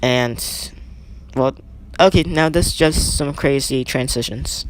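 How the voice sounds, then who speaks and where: A man's voice: medium pitch, slow pace, clear, resonant tone. A young man doing casual play-by-play commentary over a wrestling video game, rambling and correcting himself with chatty asides.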